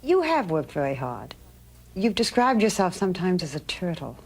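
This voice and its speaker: A woman news interviewer and narrator asking measured, probing questions in a broadcast interview. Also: lowish voice, sing-song, husky.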